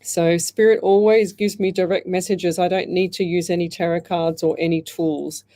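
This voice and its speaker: A woman's voice: lowish voice, fairly even intonation, moderate pace, dark tone. A middle-aged woman hosting a live radio show from a studio on a headset mic, chatty and rambling with many fillers and restarts. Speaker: radio host and psychic medium. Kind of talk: live radio call-in chat.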